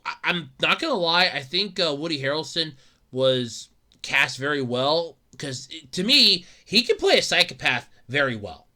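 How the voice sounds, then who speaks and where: A man's voice: on the high side, sharp tone. A man hosting his own podcast in a casual solo rant, rambling and stammering through restarts as he repeats his points. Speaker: podcast host.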